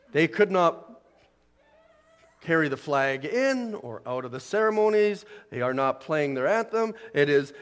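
A man's voice: high voice, big-room sound. A man preaching a sermon as pastor, building to emphatic peaks. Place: church sanctuary.

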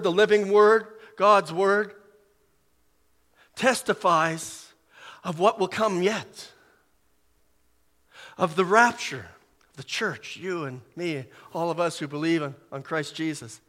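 A man preaching a sermon in short, emphatic phrases, swelling loud and dropping soft as he reads scripture. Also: high voice, big-room sound.

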